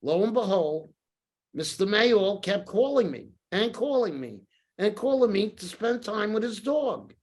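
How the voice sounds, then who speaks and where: A man's voice: high voice, big pitch swings, measured pace, darkish tone. An older man telling his life story as a podcast guest, acting out the voices of the people he quotes.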